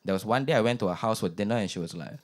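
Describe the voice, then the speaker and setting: Talking very fast in a fairly low voice, this young Singaporean-accented host runs a comedy open mic. His stand-up patter is chatty and full of self-mockery.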